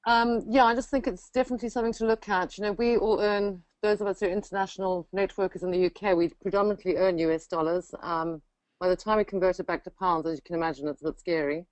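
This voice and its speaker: A woman from Africa with a colonial African English accent, a guest chatting in a friendly, relaxed way on a call. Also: medium pitch, fast talker, no room sound, poor audio. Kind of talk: interview on a call.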